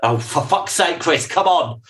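A man co-hosting a chatty podcast, his pitch jumping about as he teases and bosses his co-host. He is quick to mock and pushes the conversation along. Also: lively intonation, a bit bright. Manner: teasing, bossy, quick to mock. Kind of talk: casual chat reviewing songs.

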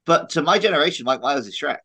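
A man's voice: a little high, lively intonation, quick pace, bright, forceful tone, poor audio. A man in his thirties, a podcast co-host in casual chat who laughs often and teases the others. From United Kingdom. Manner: chatty, laughs often, teasing.

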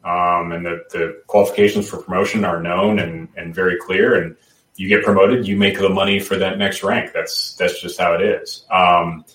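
Low-voiced man, roomy and distant. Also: flat delivery, moderate pace, fairly bright tone. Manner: rambling, many restarts and fillers. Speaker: podcast guest. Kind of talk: casual chat.

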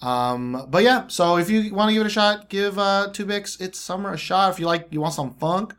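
A man from Texas who co-hosts a relaxed talk show. His voice sits a little high for a man. He tells stories loosely, swears freely and slips into lively impressions of other people. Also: normal speed, clean tone. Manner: swearing, animated mimicry of voices. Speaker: podcast co-host; English teacher in Korea. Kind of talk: casual chat.

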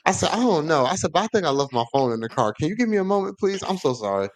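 A man, telling a long funny story on a podcast and acting out the voices of the people in it. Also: very fast. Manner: animated, acts out quoted voices with big pitch jumps. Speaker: podcast host. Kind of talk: casual storytelling.

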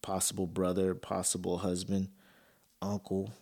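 Man, podcast host, personal monologue, low-pitched, earnest, emotional, loose and conversational. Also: completely flat delivery, unhurried, creaky, darkish tone.

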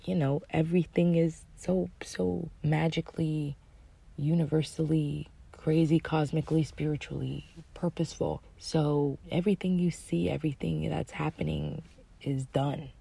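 A woman's voice: sits low, fairly even intonation, normal speed, vocal fry, mellow, husky. A woman giving a rambling, emphatic spiritual monologue, swearing often and sometimes dropping to a whisper.

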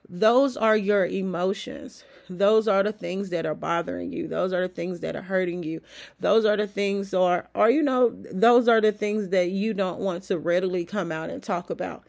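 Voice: mid-range voice, moderate pace, vocal fry, darkish tone. Sniffly, encouraging self-help host. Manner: conversational and encouraging, with rhetorical questions. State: sick with a cold, sniffly. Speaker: weekly motivational host. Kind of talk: motivational self-help talk.

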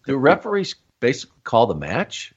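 A man's voice: medium pitch, huge pitch swings, brisk, husky. A man hosting a podcast interview, asking short questions and giving brief reactions. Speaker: podcast host. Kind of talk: casual interview. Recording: dull lo-fi sound.

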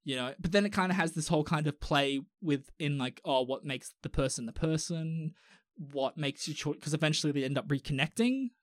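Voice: mid-range voice, lively intonation, fairly quick, no echo, studio quality. A young adult with an Australian accent, co-hosting a casual podcast chat, rambling with restarts, fillers and swearing. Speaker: podcast co-host.

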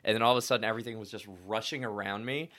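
A young man chatting casually and telling wild stories with loose slang. His voice is bright and forceful, and he jumps into louder, higher bursts when he acts out what he said. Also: rapid-fire. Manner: animated storyteller, slangy, acts out quotes loudly. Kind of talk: casual chat.

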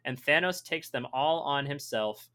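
A man with a bright, forceful voice hosts a casual podcast chat, walking through a plot summary. He throws in jokes and catches his own slips as he goes. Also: mid-range voice, lively intonation, a little slow. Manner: reads plot summary with jokes and self-corrections. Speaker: podcast host reading episode recap.

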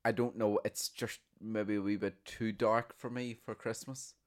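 A man's voice: lowish voice, level tone, measured pace. A young man co-hosting a casual podcast, blunt and swearing heavily. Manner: blunt, heavy swearing, storytelling. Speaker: podcast co-host. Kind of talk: casual chat.

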